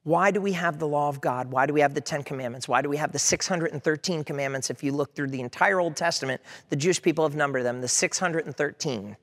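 A man's voice: a little high, fast, few pauses, a bit bright. A man preaching as a pastor, earnestly voicing the prayers and objections of his listeners as he goes. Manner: earnest preaching, quotes prayers and hecklers aloud. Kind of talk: sermon. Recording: long hall reverb.

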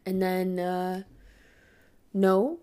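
A woman's voice: lowish voice, little pitch movement, drawn-out words, mellow, smooth. Profane, emphatic woman telling a story. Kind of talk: casual monologue.

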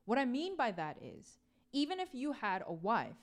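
A woman's voice: a little high, wildly swooping pitch, moderate pace. A woman giving a casual, conversational sermon, full of "like" and "right?", repeating key phrases for emphasis. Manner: chatty, peppered with "like" and "right?". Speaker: preacher.

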